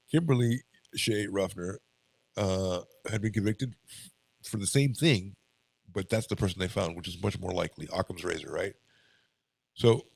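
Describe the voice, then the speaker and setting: Stuffy-nosed guy on a podcast, really low voice, dry close mic, reads notes and trips on words a lot. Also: creaky, a little mellow, no room sound, poor audio. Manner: reads case notes, stumbles over words, breaks off to chat. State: stuffy nose. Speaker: podcast co-host. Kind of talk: casual podcast commentary, reading notes aloud.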